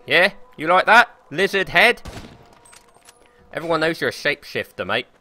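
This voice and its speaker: A young man streaming a game live, commentating excitably with frequent swearing and laughter into a desk or headset microphone. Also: on the high side, normal speed. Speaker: gaming streamer.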